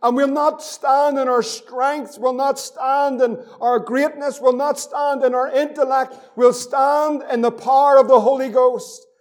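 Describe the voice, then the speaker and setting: A man's voice: very high voice, fairly even intonation, measured pace, few pauses. A man preaching a fervent sermon as pastor, repeating phrases and reading scripture aloud.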